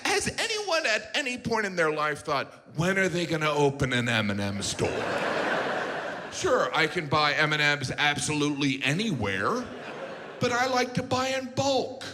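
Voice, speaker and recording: A man's voice: high voice, background noise. A male stand-up comedian on a theater stage, with incredulous, mock-indignant delivery into a handheld mic. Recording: reverberant theater with crowd laughter.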